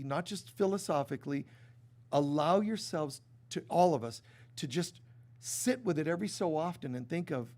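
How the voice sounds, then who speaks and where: A middle-aged male pastor with a fairly high voice gives a casual, chatty sermon. He acts out the people he quotes and drops from emphatic lines to quiet ones. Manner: conversational, acts out quoted voices, swings from loud to hushed.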